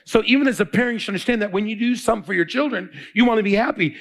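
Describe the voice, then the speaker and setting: A man's voice: sits high, very fast, vocal fry, a bit bright. A male pastor preaching a sermon, quizzing the congregation in call-and-response.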